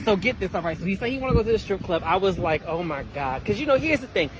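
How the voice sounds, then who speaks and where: Fast-talking animated storyteller man. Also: noisy background. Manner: flamboyant, exclaiming, with sudden high-pitched quoting. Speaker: host.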